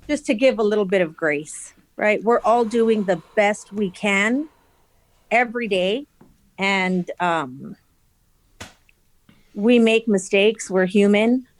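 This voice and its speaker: A woman's voice: mid-range voice, slow pace, pauses often. A woman school principal answering in a podcast interview, earnest and encouraging. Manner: earnest and encouraging, many fillers.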